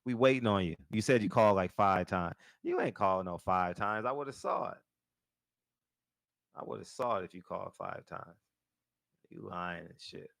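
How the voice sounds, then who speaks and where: Gravelly low-voiced man hosting a call-in. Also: moderate pace, a bit bright, dry recording. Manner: laid-back, slangy, laughs often. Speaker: live call-in show host. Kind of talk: casual live-stream chat.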